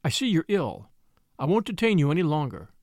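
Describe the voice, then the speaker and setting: A calm gentleman speaks gently and reassuringly, voiced by a male reader. His pitch moves easily and expressively, and the recording is close and dry. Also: fairly quick, gravelly, no room sound, exaggerated voice. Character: calm, kind-seeming gentleman stranger.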